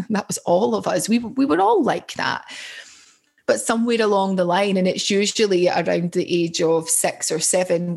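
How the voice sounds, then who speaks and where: A woman's voice: mid-range voice, vocal fry, slightly rough. A middle-aged British woman, a mother and personal growth coach, giving an earnest, conversational motivational talk and often checking in with "right?".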